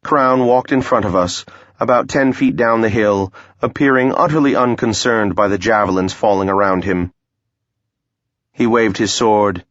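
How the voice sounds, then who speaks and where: Low, wry male audiobook narrator. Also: moderate pace, fairly bright tone, no echo, lo-fi sound. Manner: wry, understated. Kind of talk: first-person fantasy audiobook narration.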